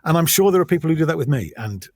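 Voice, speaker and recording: Self-deprecating husky English man. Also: a little high, very animated, very fast, no room sound, clean studio sound. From England. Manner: self-deprecating, hesitant, many restarts. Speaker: audiobook narrator, guest. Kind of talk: casual interview chat.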